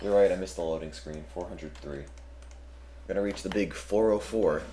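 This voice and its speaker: A man's voice: deep voice, normal speed, warm tone, a little hiss or hum. A man giving let's play commentary during a marathon stream, cracking dry, self-mocking jokes and rambling as he plays.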